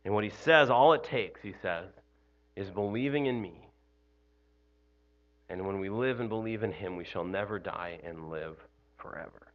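A man's voice: fairly low pitch, normal speed, pauses often, highs cut off. A male pastor giving an Easter morning sermon in a loose, conversational way, often adding "you know" and "right?". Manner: conversational, frequent "you know" and "right?", self-deprecating laughs.

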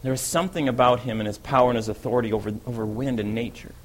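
In a dramatic first-person monologue, a man becomes the apostle Peter, an eager, impulsive disciple, recounting events with liveliness that accelerates and swells in excited stretches. His medium-pitched delivery is rapid-fire and lightly acted.

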